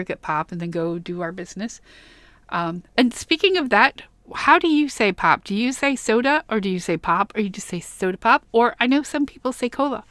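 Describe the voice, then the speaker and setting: A woman's voice: medium pitch, fairly bright tone, no room sound. A woman from Michigan rambling chattily through a casual plushie haul vlog in her bedroom, with frequent ums. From Michigan, USA. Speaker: vlogger.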